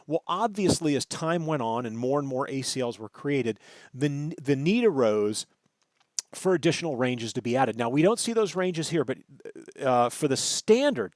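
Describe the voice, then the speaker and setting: Brief animated male lecturer who checks himself and leans on key words, close dry mic. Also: mid-range voice, normal speed, no room sound. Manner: thinks aloud, self-correcting, stresses terms, asks "right?". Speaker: networking instructor. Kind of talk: screen-recorded lecture.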